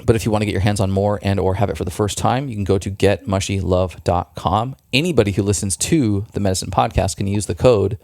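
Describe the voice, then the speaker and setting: Gravelly low-voiced man hosting a podcast. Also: fairly even intonation, fast, hardly any pauses, darkish tone, no echo. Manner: chatty, enthusiastic, restarts a lot. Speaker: podcast co-host. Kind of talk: casual product pitch in a podcast chat.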